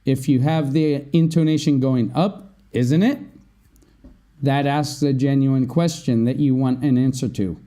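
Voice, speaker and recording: A man's voice: mid-range voice, fairly even intonation, mellow. A man hosting an English-learning podcast, going through vocabulary words and often checking in with "right?". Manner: explains slowly, often asks "right?". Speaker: English teacher, podcast host. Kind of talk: vocabulary lesson.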